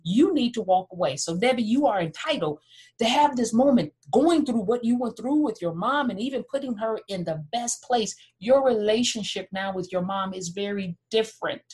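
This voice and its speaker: A middle-aged woman hosting a podcast, telling a personal story in an earnest, animated way and acting out what others said. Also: on the high side, moderate pace. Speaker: podcast host. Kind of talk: heartfelt conversational talk.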